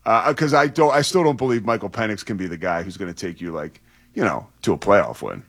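A man co-hosting a sports radio show, talking in halting bursts with many restarts and chuckles. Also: on the low side, lively intonation, a bit bright.

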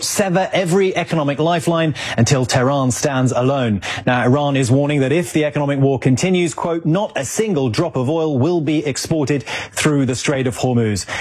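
Man, news anchor, measured news read, husky, somewhat high. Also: a little mellow.

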